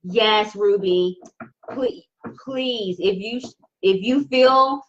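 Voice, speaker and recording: A woman giving a live tarot reading, talking slowly with many restarts as she holds back tears. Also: mid-range voice, lo-fi sound. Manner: warm, emotional, halting with many restarts. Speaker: tarot reader. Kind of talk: live-stream card reading.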